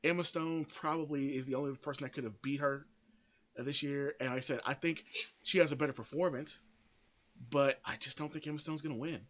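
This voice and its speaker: Man, podcast host, blunt, swears, rambling, bright forceful tone, dull lo-fi sound. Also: a little high, steady tone, a little fast. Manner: blunt, opinionated, swears freely; rambling with frequent restarts. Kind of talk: casual opinion commentary.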